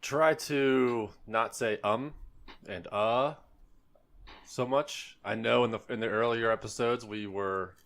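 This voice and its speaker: A man's voice: medium pitch, steady tone, slow pace, a bit bright. A man co-hosting a casual podcast, tossing in dry, laid-back quips. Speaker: podcast co-host.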